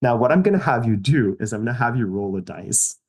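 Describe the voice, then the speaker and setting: A man's voice: mid-range voice, expressive, quick pace, a little mellow, slightly rough. A man narrating a tabletop game as game master, casual and rambling with lots of fillers.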